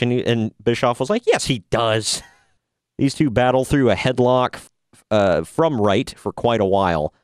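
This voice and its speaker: A man's voice: medium pitch, clean tone, no echo, studio quality. A man hosting a casual podcast, recapping wrestling matches in a laid-back, sarcastic way and laughing often. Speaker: podcast host reviewing wrestling. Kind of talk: casual chat.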